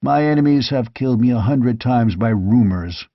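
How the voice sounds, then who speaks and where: A man voicing a bold barbarian warrior king who speaks bluntly and gruffly, with grim amusement, in an audiobook reading. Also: medium pitch, normal speed, dry recording, close to an everyday voice. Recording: dull, dry lo-fi audiobook recording.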